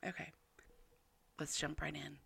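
A woman's voice: low voice, completely flat delivery, unhurried, creaky, fairly bright tone, slightly rough. A woman hosting a podcast, talking to listeners in a chatty, apologetic and heartfelt way. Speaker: podcast host. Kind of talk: casual podcast intro.

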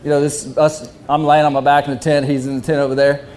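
A young man telling a hunting story, animated and often laughing while he talks. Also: fairly high pitch, fast talker. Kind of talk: casual storytelling.

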